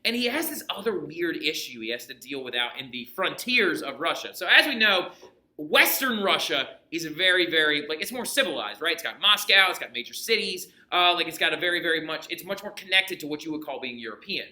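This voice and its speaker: A man lecturing on history to his class, animated and chatty, often checking in with his students. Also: a little high, fairly quick, reverberant. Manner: animated, chatty, many asides and rhetorical checks. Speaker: history teacher.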